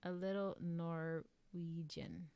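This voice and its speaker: A woman's voice: fairly low pitch, fairly even intonation, slow pace, smooth, no echo, highs cut off. A young woman chatting casually on her live stream, rambling and filling her talk with likes and ums. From United States.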